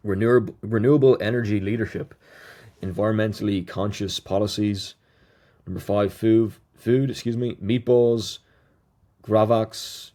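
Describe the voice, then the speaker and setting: A man's voice: on the low side, fairly even intonation, measured pace, dark tone. A man hosting a solo podcast, reading through a list of notes and stumbling over foreign words with small asides. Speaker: podcast host.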